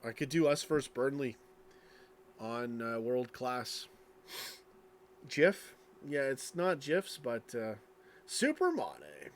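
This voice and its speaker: A man's voice: mid-range voice, slow pace, long pauses, slight background noise. A tired man streaming late at night, reading chat and rambling casually, yawning as he talks. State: sleepy, yawning.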